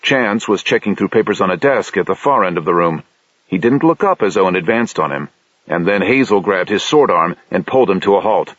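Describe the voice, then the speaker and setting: A man reading a science fiction audiobook in steady, measured narration. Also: low voice, no echo. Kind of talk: scripted narration. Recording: dull lo-fi dry audiobook recording.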